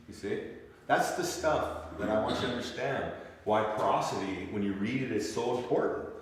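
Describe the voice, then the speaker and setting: A man's voice: lowish voice, distant mic. Man teaching a class in an echoey room. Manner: checks in often with "okay?" and "you see?". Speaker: language teacher. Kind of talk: classroom lesson.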